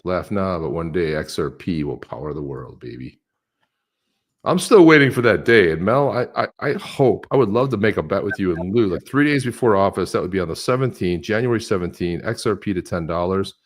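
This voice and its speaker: A middle-aged man co-hosting a casual livestream chat, telling stories with lively impressions of other people. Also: low voice, fairly quick. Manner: animated storyteller, mimics others with a raised voice. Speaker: co-host of a crypto livestream.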